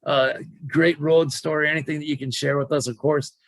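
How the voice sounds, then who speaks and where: A man's voice: fairly high pitch, flat delivery, a little fast, no echo, low-quality recording. A man hosting a casual interview, asking long, rambling questions full of restarts. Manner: rambling, with many fillers and restarts. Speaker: interviewer, host.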